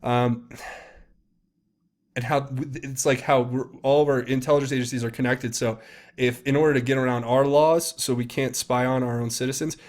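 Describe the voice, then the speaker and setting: A man's voice: medium pitch, steady tone, moderate pace, darkish tone. Guy doing solo commentary, reads stuff out, rambles, lots of ums and restarts. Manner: casual, rambling, emphatic, with frequent fillers and restarts. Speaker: political commentary host. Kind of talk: solo commentary reading posts aloud.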